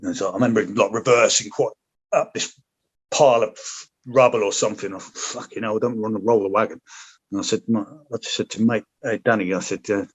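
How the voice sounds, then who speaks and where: Talking in a steady, lowish, fairly quick voice with a breathy edge, a British man from Britain recounts his combat experiences as an ex-paratrooper on a podcast. The chat is casual, peppered with swearing, false starts and tangents.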